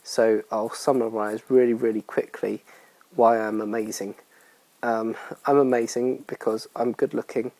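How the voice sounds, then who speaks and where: A man's voice: on the low side, level tone, a little slow, dark tone, poor audio. A young man hosting his own podcast in casual, rambling, self-mocking chat full of fillers. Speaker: podcast host.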